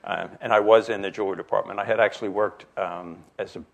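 Gravelly-voiced older man telling anecdotes. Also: fairly low pitch, steady tone, fast talker. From New Jersey. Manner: rambling, anecdotal, many fillers and restarts. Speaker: jewelry expert giving a lecture. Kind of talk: illustrated lecture with slides.

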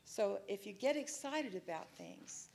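A woman's voice: medium pitch, lively intonation, a little slow, vocal fry, darkish tone, slight background noise. A middle-aged woman, a children's songwriter, talking chattily to an audience and breaking into song. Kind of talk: talk with sung demonstrations and guitar. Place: room with a live audience. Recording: guitar music under the voice. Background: strummed guitar.

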